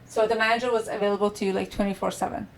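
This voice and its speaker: A woman's voice: medium pitch, little pitch movement, very fast, a little hiss or hum, low-quality recording. A woman guest on a podcast telling about her experiences in a casual, chatty way, often saying "like". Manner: chatty, fills speech with "like". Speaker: podcast guest, meditation practitioner. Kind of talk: casual interview chat.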